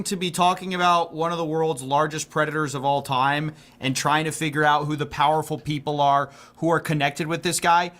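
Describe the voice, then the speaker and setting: Male stream commentator, high and sharp tone, indignant and sarcastic. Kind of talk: livestream political commentary.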